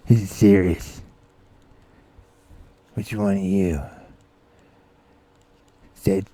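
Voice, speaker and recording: A man's voice: sits low, fairly even intonation, drawn-out words, long pauses, mellow, no echo. A man ranting crudely and taunting as a vlogger, with bursts of cackling laughter. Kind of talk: profane ranting vlog. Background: background music.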